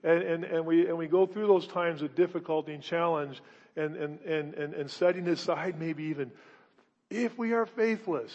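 A male pastor preaching a sermon in his church, emphatic and repetitive, asking rhetorical questions and swinging between loud declarations and hushed asides. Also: on the high side, fairly even intonation, normal speed, long reverb tail, lo-fi sound.

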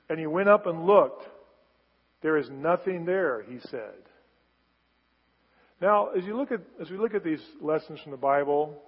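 A male pastor preaching a conversational sermon, acting out biblical dialogue with rising intensity. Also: sits high. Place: church sanctuary. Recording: dull sound with long church reverb.

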